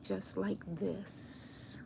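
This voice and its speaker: A middle-aged woman, chatting casually with viewers on a crochet livestream, given to sudden excited squeals. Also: very slow, heavy background noise.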